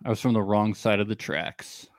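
A man's voice: fairly low pitch, steady tone, normal speed, no room sound, studio quality. A young man co-hosting a casual podcast, telling stories with lots of filler words and frequent laughter. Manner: rambling storyteller, heavy use of "like", laughs often. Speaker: podcast co-host. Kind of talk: casual chat.

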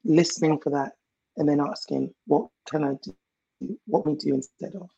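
Husky woman coach talking slow and steady, muffled lo-fi sound. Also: low-pitched. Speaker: emotional healing coach. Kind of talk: guest advice on a talk show.

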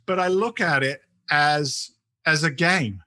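Speaking slowly in a slightly high, sharp voice with no echo, a middle-aged English real estate investment CEO talks animatedly as an interview guest. His London accent carries an American mix, and he frequently repeats words when restarting sentences in the casual conversation.

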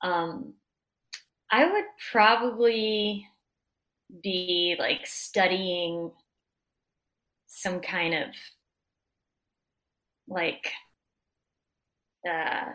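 Woman musician guest, slow and hesitant, bright tense tone. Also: on the low side, rough recording. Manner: hesitant, trailing off with fillers. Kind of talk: casual interview chat.

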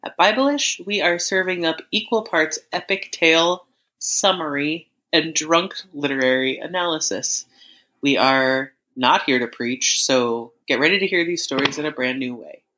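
A woman co-hosts a casual podcast in a bright, forceful voice that sits low. She talks in a chatty, giggly way and reads the show's plugs. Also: normal speed, rough recording. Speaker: podcast co-host. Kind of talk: casual comedic chat.

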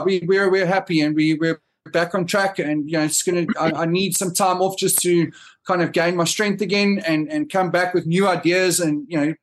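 A middle-aged man in casual podcast chat, rambling with many fillers and restarts. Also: fairly high pitch. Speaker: podcast co-host.

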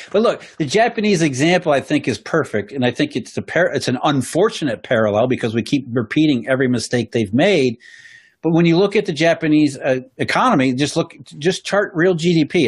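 Husky guy on a podcast explaining economics, keeps restarting and repeating himself. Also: on the high side. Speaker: guest economist. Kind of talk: podcast conversation.

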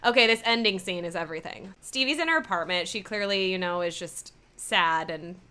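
A woman co-hosting a casual chat, recapping a TV episode and acting out the characters' lines in animated voices. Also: lowish voice, a little fast, clear, resonant tone. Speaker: podcast co-host.

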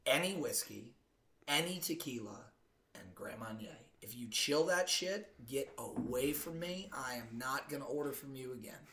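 A man's voice: mid-range voice, expressive, moderate pace, a bit bright, roomy sound, a little hiss or hum. A man co-hosting a podcast, joking and swearing, pushing his opinions hard. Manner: joking, profane, emphatic opinions. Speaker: podcast co-host. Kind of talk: casual chat.

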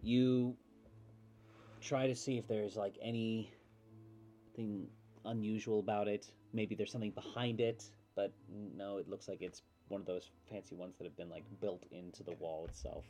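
A man narrating as the game master of a tabletop horror game, relaxed and hesitant, with lots of fillers. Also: lowish voice, moderate pace.

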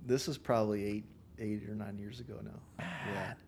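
A man's voice: lowish voice, normal speed, a little mellow, breathy edge. A man, a contractor on a podcast, telling a wild story in a casual way, swearing freely and laughing as he goes.

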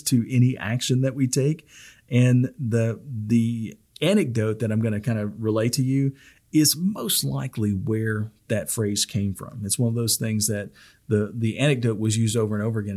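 Husky-voiced man hosting a podcast. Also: mid-range voice, mellow. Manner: rambling with frequent restarts and fillers. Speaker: podcast host and public speaking instructor. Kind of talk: casual podcast monologue.

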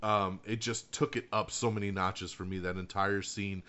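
Excitable man retelling a film, lo-fi. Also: on the low side, normal speed. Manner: animated storyteller, acts out quotes, laughs often, swears. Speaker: podcast co-host reviewing a film. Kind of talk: casual chat.

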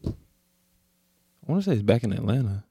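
A young man co-hosting a casual podcast chat, animated, acting out quotes with sudden high-pitched outbursts. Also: fairly quick, slightly rough, no echo. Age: young adult. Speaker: podcast co-host.

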